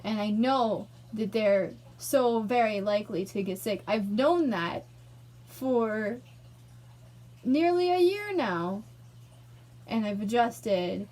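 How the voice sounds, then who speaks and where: A woman's voice: medium pitch, lively intonation, takes it slowly, a little mellow. A young woman ranting angrily in a personal vlog, emotional and swearing. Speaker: vlogger.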